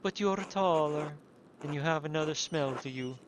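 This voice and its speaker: A man voicing a calm, observant blind nun who speaks slowly and carefully in a game playthrough. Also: on the high side, noisy background, close to an everyday voice. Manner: slow, measured.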